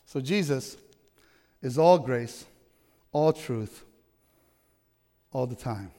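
A man's voice: mid-range voice, expressive, extremely slow, warm tone, long reverb tail. A man preaching a sermon to his congregation, emphatic and often asking them questions. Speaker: pastor. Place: church.

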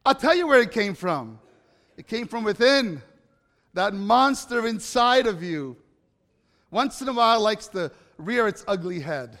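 Guy with a pretty high voice spinning a story for a crowd, chatty, asks them stuff, big echoey hall. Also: animated, unhurried, a bit bright. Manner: conversational, asks the audience questions. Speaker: speaker addressing an audience. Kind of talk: personal storytelling talk. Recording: reverberant hall.

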